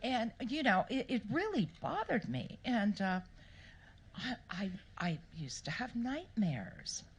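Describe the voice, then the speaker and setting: A woman author answering questions at a live event, telling stories in a playful, animated way and acting out the people she quotes. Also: a little high, slow pace, breathy edge. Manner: animated, playful storyteller who acts out quotes. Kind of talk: storytelling interview answers. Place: live Q&A event before an audience.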